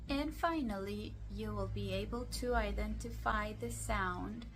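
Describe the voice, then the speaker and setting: A woman with a Latin American Spanish accent, a native Spanish speaker, explaining English phonetics in a recorded lesson with careful, measured delivery. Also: mid-range voice, noisy background.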